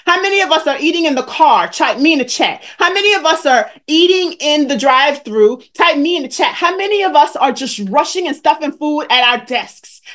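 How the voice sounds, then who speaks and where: This weight-loss coach, a woman over forty, speaks in a high, bright, forceful voice while leading a live stream. Preachy and emphatic, she says her points again and again and singles out chat members by name.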